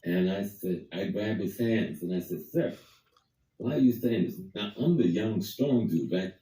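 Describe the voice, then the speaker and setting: A man's voice: on the low side, a little slow, warm tone, reverberant, far from the mic, low-quality recording. An older man from Harlem, New York, telling a vivid story in conversation and acting out the quoted dialogue. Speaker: guest storyteller.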